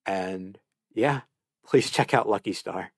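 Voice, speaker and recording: Guy doing a solo anime podcast, kinda deep voice, super excited, keeps tripping over his words, dry close sound. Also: slow, no room sound. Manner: gushing, enthusiastic, repeats words as he restarts. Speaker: podcast host.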